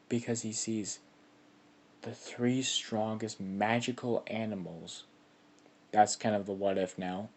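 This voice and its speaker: Rambling low-voiced male storyteller. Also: darkish tone. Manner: rambling, full of "like" fillers. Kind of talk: casual fan-story narration.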